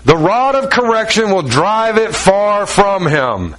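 A man's voice: high voice, big pitch swings, slow, a bit bright, poor audio. A man preaching a sermon, retelling a story in a folksy, emphatic way with lots of repetition and direct asides to the congregation.

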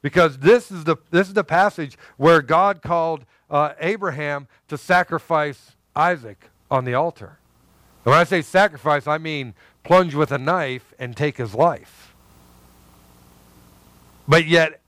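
A man's voice: high voice, moderate pace, fairly bright tone, dry recording. A man preaching a conversational sermon, acting out quoted lines and questions to the congregation.

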